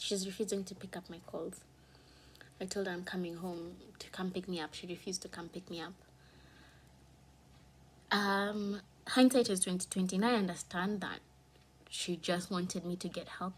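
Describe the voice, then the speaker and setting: A woman vlogger tells a painful personal story candidly, fighting back tears as her voice moves from hushed to heated. Her voice is lowish and slightly rough.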